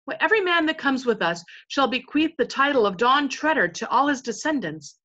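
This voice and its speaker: A woman's voice: sits high, lively intonation, brisk, sharp tone, dull audio, pitched above the performer's own voice, exaggerated voice. Woman reading a commanding young king. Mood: rousing. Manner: stately and commanding. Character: young king rallying his crew, commanding.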